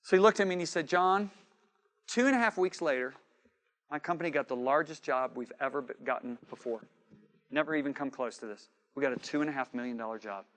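A man preaching a sermon, telling a story with quoted dialogue and swinging from shouting to hushed asides. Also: medium pitch, quick pace.

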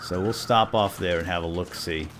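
A young man talking through a video game for his viewers, chatty and upbeat, with sudden loud excited exclamations. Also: low voice, moderate pace, a little hiss or hum. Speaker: gaming video host. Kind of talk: let's play commentary. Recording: soft game music behind.

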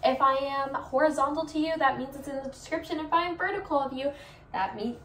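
Young woman chatting in a bubbly valley girl way, kinda high voice, echoey room, a bit far from the mic. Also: fairly quick, a bit bright, slight background noise. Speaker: vlogger. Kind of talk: casual try-on haul vlog.

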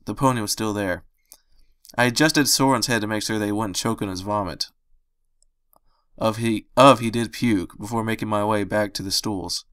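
Low-voiced man reading a fan story. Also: clean tone, no room sound, studio quality. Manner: steady first-person storytelling. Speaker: narrator. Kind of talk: reading fan fiction aloud.

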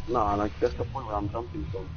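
A man's voice: fairly low pitch, steady tone, quick pace, muffled recording, music in the background. A young man bantering over a game, brash, boastful and swearing freely. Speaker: gamer. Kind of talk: casual gaming banter.

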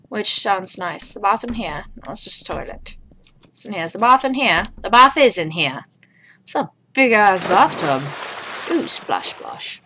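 A woman commenting on a horror video game in a high, bright and sharp voice. Her pitch leaps widely as she reads the characters' lines aloud. She swears casually and breaks into startled yelps. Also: slight background noise. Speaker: let's play host.

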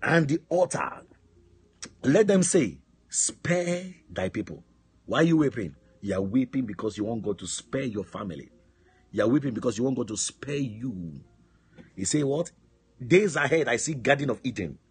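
A man's voice: mid-range voice, animated, brisk, husky. A man pastor preaching a sermon, emphatic, asking his listeners call-and-response questions. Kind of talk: sermon on a prayer line. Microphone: phone line.

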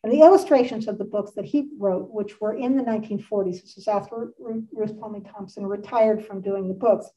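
Speaking a little fast with hardly any pauses, this sixties-aged woman has a dark, medium-pitched voice. She gives a casual art history lecture in a community center meeting room, full of chatty enthusiasm and asides, captured in a dull, distant recording.

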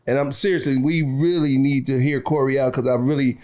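A man with a Southern US accent, a regular podcast guest, talking in a lively, slangy, preachy way in a studio. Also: mid-range voice, a little fast. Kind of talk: casual podcast chat.

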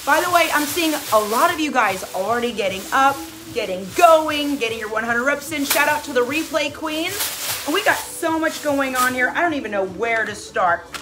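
A woman's voice: high voice, animated, normal speed. A middle-aged woman coaching a live workout, cheering with enthusiastic whoops and motivating her viewers. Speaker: fitness coach.

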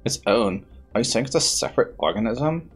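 A man's voice: lowish voice, lively intonation, quick pace, slightly rough, faint music behind. A man voicing a determined young female police officer, asking questions earnestly. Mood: puzzled.

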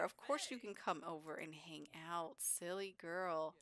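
A woman's voice: mid-range voice, unhurried, few pauses, clear, resonant tone. A woman giving chatty, giggly gameplay commentary as a gaming YouTuber.

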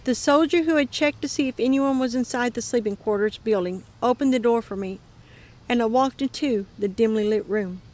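A woman reading her dream account aloud in a calm voice that often drops to a murmur. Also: a little high, brisk. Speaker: ministry dream teller.

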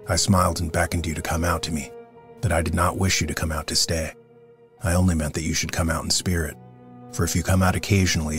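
A man narrating a classic paranormal audiobook in a measured, solemn, steady reading. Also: rumbling low. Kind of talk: scripted narration.

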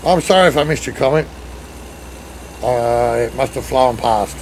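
This Australian game streamer speaks at a medium pitch and normal speed while leading a truck convoy, bantering with friends and answering viewer comments from behind the wheel. The audio is poor, with slight background noise.

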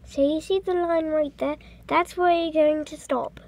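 High-voiced girl chatting through a craft tutorial. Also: fairly even intonation, unhurried, darkish tone. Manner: chatty, drops into whispered asides. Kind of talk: casual DIY tutorial chat.

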